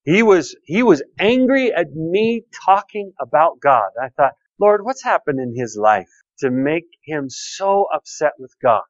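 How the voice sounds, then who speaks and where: Male pastor, slightly raised pitch, folksy storytelling sermon, dry close sound. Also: sing-song, a little slow, few pauses, no room sound, lo-fi sound. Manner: folksy, repeats key phrases, tells personal stories. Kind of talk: conversational sermon.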